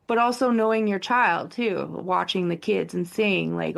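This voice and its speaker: A woman's voice: lowish voice, unhurried, gravelly. A woman co-hosting a casual podcast, a childcare provider who explains things practically and uses many fillers. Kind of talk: casual chat.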